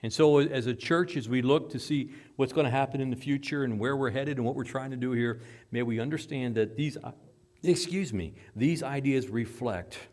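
A man delivering a sermon as pastor, his voice sitting at an ordinary middle pitch. He talks conversationally, repeating and restarting phrases. He swings between loud, emphatic peaks and hushed, low asides.

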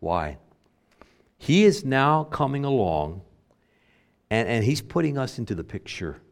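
A man giving a sermon as a pastor, shifting between loud emphatic lines and quiet, low-pitched asides. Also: very animated, unhurried, gravelly.

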